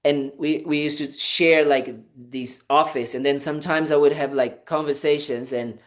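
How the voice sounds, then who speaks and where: Chatty monk giving a dharma talk. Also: male voice, a little high, steady tone, normal speed. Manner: conversational, full of "you know" fillers and restarts; playful, acts out little scenes with "da, da, da". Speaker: Buddhist monk teacher.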